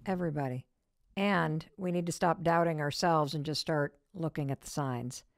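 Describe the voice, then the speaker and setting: Gravelly-voiced woman podcast host. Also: deep voice, normal speed, dry recording, clean studio sound. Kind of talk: podcast interview.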